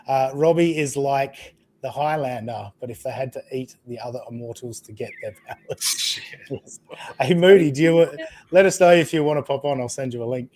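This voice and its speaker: A man hosting a live-stream podcast in a loose, chatty way, laughing often and filling pauses with "uh". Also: medium pitch, darkish tone. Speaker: podcast host. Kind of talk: casual live-stream chat.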